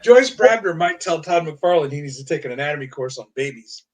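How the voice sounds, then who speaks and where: A man hosting a casual comic review, sardonic and quick to swear, stumbling over his words. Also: fairly high pitch, lively intonation, a loud crowd. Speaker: host.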